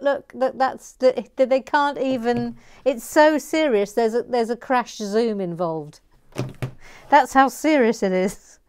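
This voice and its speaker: A woman's voice: a little high, a little mellow, clean tone. Chatty woman reading chat aloud. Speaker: Lego building vlogger reading chat. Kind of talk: casual chat while building.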